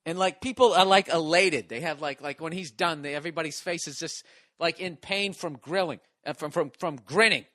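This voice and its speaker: A man in his forties, a podcast host and stand-up comedian, telling a long story in a profane, excitable, rambling way with lots of restarts. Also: fairly high pitch, a little fast, dry recording, clean studio sound. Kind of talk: casual storytelling monologue.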